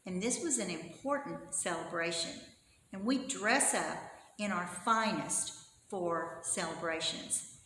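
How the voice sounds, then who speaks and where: A woman Sunday school teacher telling a Bible story to children in an animated, expressive way and asking her listeners questions. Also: fairly low pitch, unhurried. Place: church. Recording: echoey church hall, faint hum.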